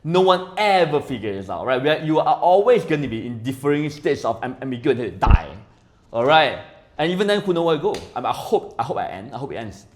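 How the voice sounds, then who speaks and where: A man talking as a podcast guest in casual chat. He rambles, swears often and keeps asking "right?", swinging between loud and quiet. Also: mid-range voice, very animated, quick pace.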